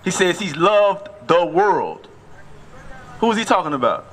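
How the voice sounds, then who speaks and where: A man preaching on a city street, questioning a passerby insistently and repeating verses slowly to stress them. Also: sits high, sing-song, a bit bright.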